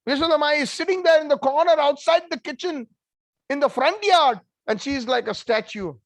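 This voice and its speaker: A man giving an animated devotional storytelling talk with conversational asides. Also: extremely high pitch, fairly quick, dry recording. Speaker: devotional speaker.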